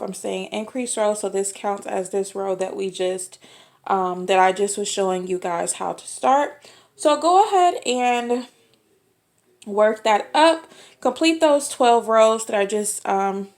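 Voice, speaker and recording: Woman, crochet tutorial host, slightly high voice, slow patient delivery. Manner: patient, repeats steps slowly with fillers. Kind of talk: step-by-step craft tutorial.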